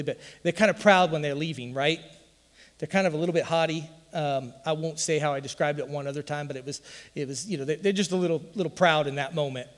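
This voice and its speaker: A man's voice: fairly high pitch, darkish tone, big-room sound. A man preaching a sermon in an emphatic, folksy way, full of rhetorical questions. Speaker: pastor.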